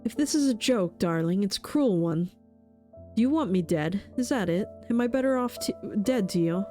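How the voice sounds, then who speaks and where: Casting: woman doing a tender ghost husband, pleading, mid-pitched voice, faint music behind. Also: lively intonation, normal speed, warm tone, close to an everyday voice. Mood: hurt. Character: grieving male ghost painter, gentle husband.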